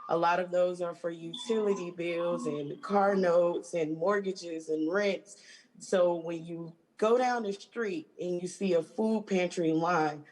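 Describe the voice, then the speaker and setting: A woman from Georgia, a union stage hand, speaking haltingly and emotionally on a video call. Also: fairly low pitch, darkish tone, poor audio. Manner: halting, emotional, with many restarts.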